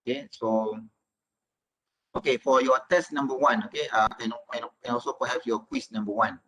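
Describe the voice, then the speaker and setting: A male university lecturer talks his class through the material in an online session. He strings his points together with a steady stream of "okay" and "uh" fillers. His voice sits at an ordinary middle pitch. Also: normal speed, low-quality recording. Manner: fills every phrase with "okay" and "uh".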